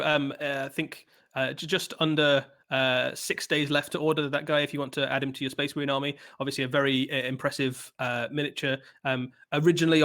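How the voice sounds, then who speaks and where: A man's voice: mid-range voice, a bit bright. A man presenting product previews on a live stream, talking with many ums, uhs and restarts.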